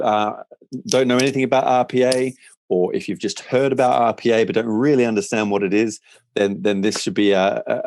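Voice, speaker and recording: A man with an Australian accent softened by years in England, hosting a business webinar in a chatty, upbeat way with many fillers. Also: mid-range voice, dry recording. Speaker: managing director and webinar host. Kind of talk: casual webinar presentation.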